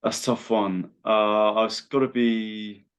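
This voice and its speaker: A man hosting a podcast, answering a question hesitantly and thinking out loud. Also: on the low side, fairly even intonation, slow pace, clear, resonant tone. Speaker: podcast host. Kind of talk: casual interview.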